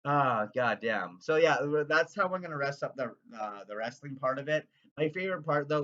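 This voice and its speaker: Excitable Canadian guy, swears constantly, rambling rant; a bit higher-pitched; dull lo-fi recording. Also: normal speed, few pauses. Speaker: vlogger. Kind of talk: casual rant.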